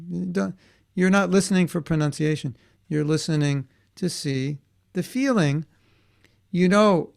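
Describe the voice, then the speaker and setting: A man's voice: a little high, vocal fry, darkish tone. A man teaching a class for children in a conversational way, often checking in with his students and restarting his sentences. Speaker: workshop teacher for kids.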